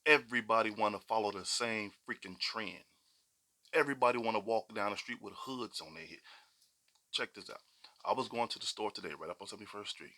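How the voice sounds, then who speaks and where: A middle-aged podcast co-host tells stories casually, his voice on the low side, a little fast, pushed and bright. He's slangy and emphatic, repeating points to give them weight.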